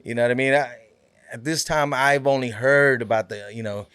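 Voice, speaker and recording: A man's voice: medium pitch, normal speed, a bit bright, clean tone, no room sound. A man guesting on a podcast, telling a long story in a laid-back, rambling way, full of fillers and quoted back-and-forth. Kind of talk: casual storytelling.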